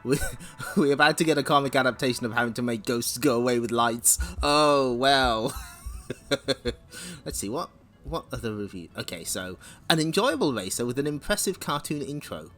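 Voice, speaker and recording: Wry, lively male streamer. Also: mid-range voice, normal speed. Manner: laughs often, wry asides, lively. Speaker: streamer reading comics aloud. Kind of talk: casual chat and read-along.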